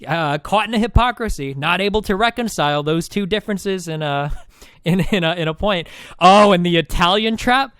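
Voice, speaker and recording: A man's voice: sits high, lively intonation, a little fast, fairly bright tone, smooth, dry recording, clean studio sound. A male streamer recapping a debate in casual, rambling talk, sarcastic and full of restarts.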